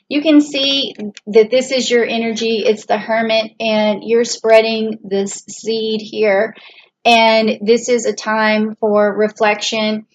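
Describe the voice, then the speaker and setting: A woman's voice: fairly high pitch, a little hiss or hum. A woman giving a casual tarot reading, talking in a chatty, rambling way with many fillers and restarts. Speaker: tarot reader. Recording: dull lo-fi audio.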